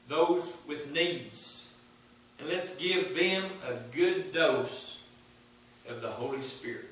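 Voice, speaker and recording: A man's voice: on the high side, a bit bright. A man preaching a fervent sermon in a church, emphatic and repeating his refrains. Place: church sanctuary. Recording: echoey church from far off.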